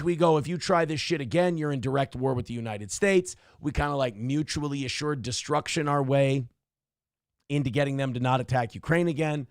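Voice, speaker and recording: A man's voice: fairly high pitch, no room sound, clean studio sound. A man hosting a morning show, giving blunt, profane and sarcastic commentary on the news.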